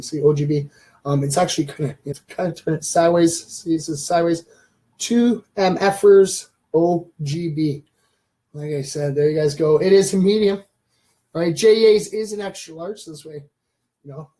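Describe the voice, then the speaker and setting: A man's voice: fairly high pitch, warm tone. A man in his thirties hosting a casual live stream, rambling and talking straight to his viewers. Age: 30s.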